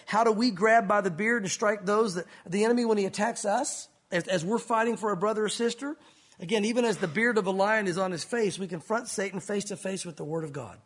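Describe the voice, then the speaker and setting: A man preaching a sermon in an animated way, acting out scenes and speaking directly to his congregation. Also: high-pitched. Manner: animated, acts out bible scenes with sound effects. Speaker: pastor.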